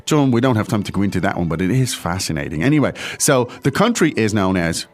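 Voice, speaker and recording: A man co-hosting a podcast lesson on Mandarin, playful and lively, drawing words out to demonstrate them. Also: on the low side, fast talker. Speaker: podcast co-host teaching Mandarin. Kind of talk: casual language lesson.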